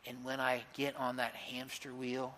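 A man preaching a sermon in a church, conversational and emphatic, swinging from shouts down to hushed near-whispers. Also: mid-range voice, completely flat delivery, a little slow, slight background noise. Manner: conversational, with repeated "like" and audience prompts. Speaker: pastor.

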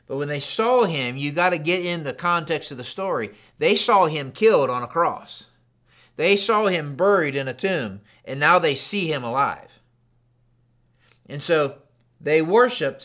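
A man's voice: fairly high pitch, a bit bright. A man in his fifties preaching a sermon, telling stories in a conversational way and acting out the dialogue. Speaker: pastor.

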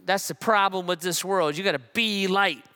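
A man mimicking a shouting old-school preacher. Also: high voice, moderate pace, clear, resonant tone. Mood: scolding. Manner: loud, pounding, demanding.

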